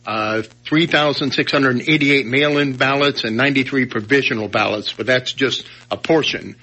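A male radio co-host with a bright, sharp tone and a husky edge. He keeps his replies brief and matter-of-fact. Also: mid-range voice, moderate pace, muffled recording. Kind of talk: casual radio talk.

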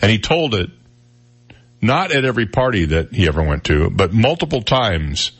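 A man's voice: fairly low pitch, big pitch swings, normal speed, husky, no echo. A man hosting a radio talk show, chatting casually and telling jokes in a rambling, self-deprecating way. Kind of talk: casual on-air chat and joke telling. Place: radio studio.

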